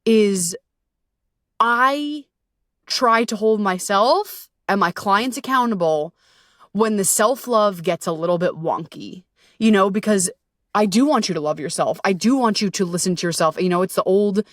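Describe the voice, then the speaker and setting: A woman's voice: medium pitch, a little slow, fairly bright tone, no echo. Female podcast host, casual and frank with frequent swearing, mid-range voice, dry close sound. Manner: candid, profane, conversational with frequent fillers. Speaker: podcast host and self-love coach. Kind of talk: casual storytelling monologue.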